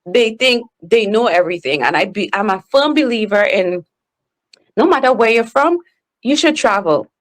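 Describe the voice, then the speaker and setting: A woman's voice: medium pitch, expressive. A woman with a Trinidadian accent, a professional speaker talking candidly and emphatically as a podcast guest. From Trinidad and Tobago. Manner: candid and emphatic, slows down on purpose. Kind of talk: casual conversation.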